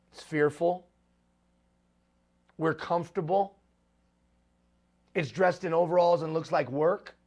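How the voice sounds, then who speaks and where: A man with a slightly high voice delivers a live motivational talk to executive leaders. He speaks emphatically, repeating refrains for rhetorical effect.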